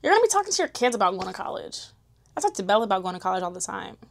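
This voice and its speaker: A woman's voice: mid-range voice, very animated, very fast, vocal fry, a little hiss or hum. A young woman chatting candidly to camera, slangy, emotional and encouraging. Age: young adult. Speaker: vlogger. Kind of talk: casual chat to camera.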